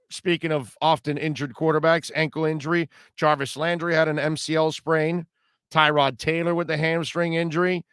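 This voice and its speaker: A man hosting a live sports talk radio show, reading listener comments and reacting in an animated, emphatic way, often repeating himself. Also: on the high side, clear, resonant tone, no room sound, clean studio sound. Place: radio studio.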